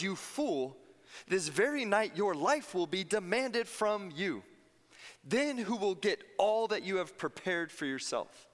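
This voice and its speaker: A man preaching a sermon as pastor, telling stories with animated delivery and acting out the voices he quotes. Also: on the high side. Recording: long hall reverb.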